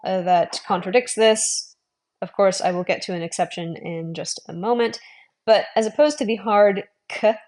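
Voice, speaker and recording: Woman explaining pronunciation in a video lesson, says each sound slow and repeats it, chill encouraging tone. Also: mid-range voice, a little mellow. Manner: models sounds slowly and repeats them; friendly, encouraging asides. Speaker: language teacher.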